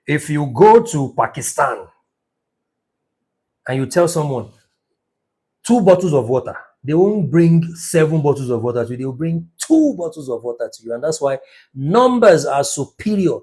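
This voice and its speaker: Man, middle-aged, husky, slightly high voice, emphatic lecture. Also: a little mellow. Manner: emphatic, rhetorical questions, drawn-out words for stress. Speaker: business numerology teacher. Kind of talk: impassioned lecture.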